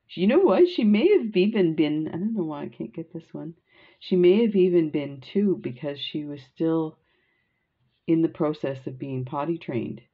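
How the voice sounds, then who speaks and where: An older woman, a crafting vlogger, works on beading while telling funny family stories. She speaks in a low voice, chatty and laughing as her anecdotes ramble. The highs in the recording are cut off.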